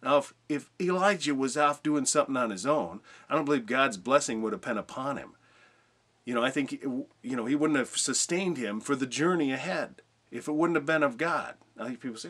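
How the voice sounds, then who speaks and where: A man's voice: medium pitch, animated, a little fast, fairly bright tone, breathy edge. Man giving a casual Bible teaching. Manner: conversational, rhetorical questions, reads scripture aloud.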